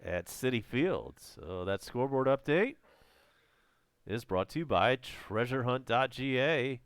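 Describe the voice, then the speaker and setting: Southern American man doing casual live baseball calls, voice worn and close to giving out, dry close mic, clear tone. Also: mid-range voice, unhurried, dry recording. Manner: casual, chatty calls with excited home run shouts. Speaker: fan play-by-play announcer. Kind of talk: live baseball play-by-play commentary.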